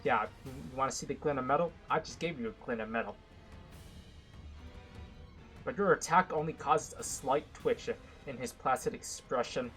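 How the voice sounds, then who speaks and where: A man reading a visual novel aloud with dramatic narration, broken by excitable, joking asides. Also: medium pitch, normal speed, faint music behind, poor audio. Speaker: gaming content creator.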